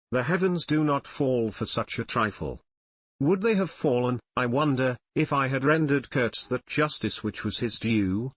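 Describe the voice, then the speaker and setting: A man narrating a classic novel in the first person, in a measured, somber way. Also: medium pitch, fairly bright tone, husky, dry recording. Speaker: audiobook narrator. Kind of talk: scripted narration.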